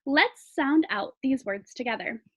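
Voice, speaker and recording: A woman's voice: sits high, lively intonation, a bit bright, low-quality recording. Woman teacher, patient phonics lesson. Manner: patient, sounds words out slowly.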